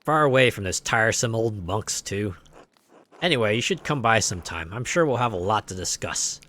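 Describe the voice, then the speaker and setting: A man's voice: fairly low pitch, lively intonation, normal speed, pushed and bright. A man voicing a boastful, jovial middle-aged miller in a story-driven video game, reading the lines aloud. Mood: hearty.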